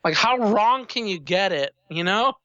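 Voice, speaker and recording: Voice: medium pitch, expressive, a little slow, sharp tone, dry recording, muffled recording. A podcast co-host in casual chat, exasperated and swearing often.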